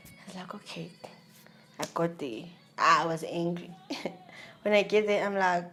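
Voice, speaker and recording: A young woman with a South African accent, telling a personal story in an animated, laughing, slangy way. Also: fairly low pitch, a little slow, long pauses. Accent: South African English. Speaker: vlogger. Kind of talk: storytelling about her marriage.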